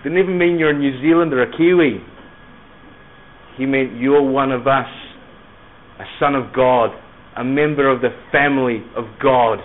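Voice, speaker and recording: A man's voice: medium pitch, moderate pace, pauses often. A middle-aged man sharing a personal Christian testimony in an earnest, emphatic storytelling manner. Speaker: Christian speaker. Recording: tinny phone-like recording.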